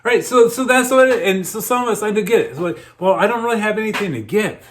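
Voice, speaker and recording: A man's voice: sits high, fast talker, slight background noise. A man in his thirties preaching a sermon in a conversational way, often repeating words as he starts his sentences. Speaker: pastor.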